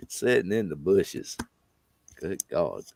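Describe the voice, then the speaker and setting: A man hosts a live stream, chatting casually in a laid-back manner and laughing often. His voice is low, creaky and husky, and the recording is dry.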